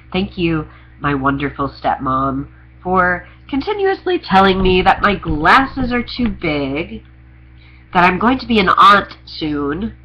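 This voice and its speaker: A man's voice: on the high side, lo-fi sound. A young trans man talking candidly to camera in a rambling, confessional vlog with sarcastic humor. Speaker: vlogger. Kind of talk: candid personal vlog monologue.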